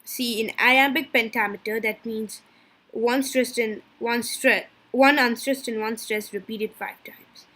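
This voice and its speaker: A woman giving a class presentation from slides, halting and stumbling over technical terms. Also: a little high, steady tone, sharp tone. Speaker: student presenter.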